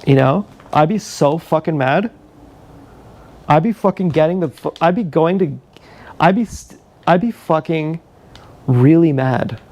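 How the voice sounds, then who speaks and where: A man's voice: fairly high pitch, darkish tone. A man ranting angrily and profanely on a live stream, filmed with an action camera. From Canada. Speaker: livestreamer.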